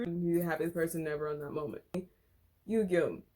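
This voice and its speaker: Young woman vlogger, lowish voice, giggly and profane, reads aloud haltingly. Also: a little mellow. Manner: laughs a lot, swears, halting reading. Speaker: vlogger reading fan fiction. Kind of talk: casual chat and reading aloud.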